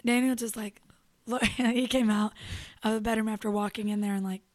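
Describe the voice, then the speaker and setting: A young adult woman co-hosting a show, telling a story in casual chat, animated and profane, acting out what people said. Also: on the high side, brisk, no room sound. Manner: animated, profane, acts out quotes. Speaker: radio show co-host.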